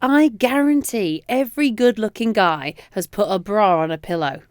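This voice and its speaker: A woman from the UK co-hosting a radio show's podcast, chatting casually, responsive and quick to laugh. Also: medium pitch, smooth, dry recording, clean studio sound. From United Kingdom. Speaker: radio co-host.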